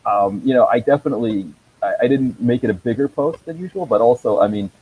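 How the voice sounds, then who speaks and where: A man's voice: mid-range voice, fast talker, darkish tone, husky, rough recording. A man on a video call chatting about his movie blog, rambling with many ums and chuckles. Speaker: movie blogger guest. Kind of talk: casual video call chat.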